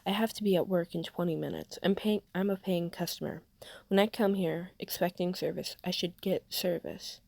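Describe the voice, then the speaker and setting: A woman's voice: lowish voice, steady tone, normal speed, creaky, darkish tone, dry recording. A woman voicing a rude, demanding businessman in a cheap suit, in a curt and impatient manner.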